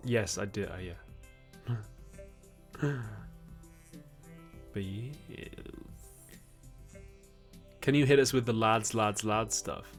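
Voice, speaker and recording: A young man hosts a livestream, answering viewer questions in a loose, rambling chat. He laughs often, his voice sitting a little low, with faint music playing behind him. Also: drawn-out words, long pauses. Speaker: host.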